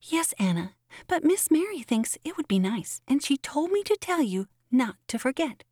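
A woman puts on an eager little girl for a storybook reading, her voice jumping well above the narration, bright and a little louder. The girl is chirpy and insistent. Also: sits high, sing-song, normal speed, no echo, studio quality, pitched above the performer's own voice.

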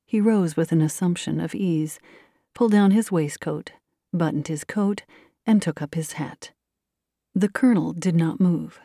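A woman hosting and reading aloud a classic story in steady audiobook narration. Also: fairly low pitch, normal speed, dry recording, studio quality. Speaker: host and reader.

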